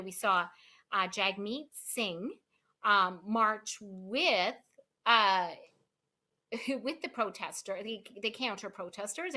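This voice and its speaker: A woman speaks as a guest lawyer in a relaxed interview. Her voice sits a little high and sounds bright and forceful. She talks with emphatic energy and lots of fillers. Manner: animated, emphatic, many fillers. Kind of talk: casual interview chat.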